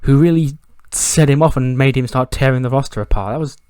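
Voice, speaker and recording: A man talks through his wrestling-sim run in a loose, animated style and jumps into the characters' dialogue. His voice sits at an ordinary middle pitch. The recording is dry and close, with no room sound. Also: a little fast, clean tone, no room sound. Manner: animated, acts out the wrestlers' dialogue, swears freely. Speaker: gaming commentator. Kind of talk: casual playthrough narration.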